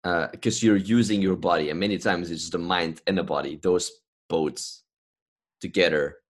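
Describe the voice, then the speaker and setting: Man, very deep voice, thoughtful, affirming, hesitant fillers. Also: steady tone, normal speed. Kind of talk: reflective conversation about healing trauma.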